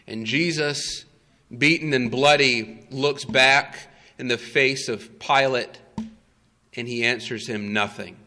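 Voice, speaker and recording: A male preacher retelling a story in a sermon, dramatic and emphatic with long pauses. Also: medium pitch, sharp tone, big-room sound.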